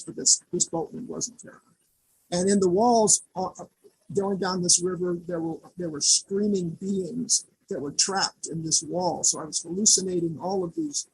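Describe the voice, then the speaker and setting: A man, an artist, earnestly recounting a personal vision in conversation, speaking haltingly and with feeling. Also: sits high, slight background noise, rough recording. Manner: earnest, halting storytelling, stirred with emotion. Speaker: artist guest.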